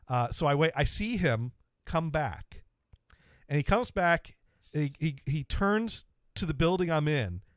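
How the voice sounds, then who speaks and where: A man's voice: fairly high pitch, no echo. Self-mocking man telling a long story. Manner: rambling, self-deprecating, frequent restarts. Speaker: podcast host. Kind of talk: casual storytelling.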